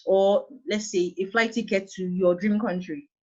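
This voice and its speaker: Woman, Nigerian accent, teacher, deliberate, repeats phrases, dull lo-fi recording. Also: mid-range voice, fairly even intonation. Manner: deliberate, repeats key phrases, demonstrates tones. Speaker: English teacher. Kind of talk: classroom lesson on intonation.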